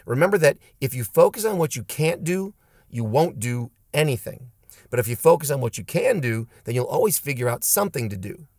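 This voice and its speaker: A man's voice: medium pitch, very animated, fairly quick, darkish tone, no room sound, clean studio sound. A man who teaches martial arts giving an emphatic, punchy motivational talk to camera. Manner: emphatic and punchy, with blunt pep-talk lines. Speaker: martial arts instructor and channel host.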